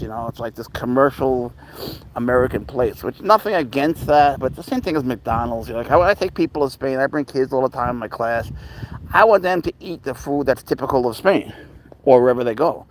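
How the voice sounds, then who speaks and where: Man, mid-pitched voice, casual live-stream host, rambling storyteller, baby talk to his cat. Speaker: livestream host and pet owner; teacher.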